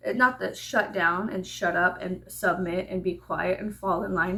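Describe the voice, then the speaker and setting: Gravelly-voiced woman telling a story. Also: lowish voice, normal speed, hardly any pauses. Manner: animated, profane, laughing asides. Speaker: vlogger. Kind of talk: casual storytelling chat.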